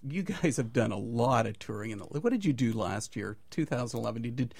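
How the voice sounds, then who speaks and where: A man hosting a casual radio studio interview, relaxed and chatty. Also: medium pitch, a little fast, creaky, slight background noise. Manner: relaxed, chatty, self-correcting. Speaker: radio show host.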